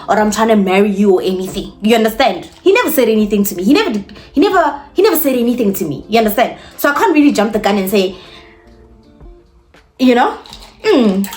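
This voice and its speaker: A young South African woman telling a storytime vlog in a chatty, animated way, talking straight to her viewers. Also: mid-range voice. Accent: South African, mixing in Setswana. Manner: animated, chatty, code-switching, addresses viewers directly. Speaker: YouTuber.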